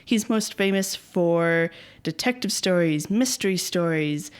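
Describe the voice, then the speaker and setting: Low-voiced woman podcast co-host. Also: lively intonation, a little slow, smooth. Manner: laughs often, playful teasing. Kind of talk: casual podcast chat.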